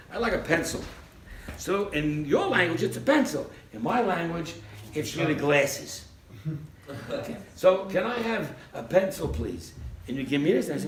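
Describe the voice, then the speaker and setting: Animated rabbi in an echoey room. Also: male voice, a little high. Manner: animated, acts out little scenes with put-on voices and laughs. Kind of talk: Torah class. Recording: echoey room, mic at a distance, faint background hiss.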